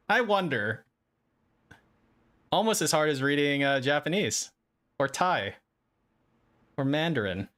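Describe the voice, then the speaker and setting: A co-host riffing crudely and sarcastically during a livestream. The voice sits mid-range, and its pitch bounces up and down a lot. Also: very animated, slow pace, pauses often, fairly bright tone. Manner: teasing and crude, with mock sarcasm. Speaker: stream co-host. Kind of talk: casual banter while gaming.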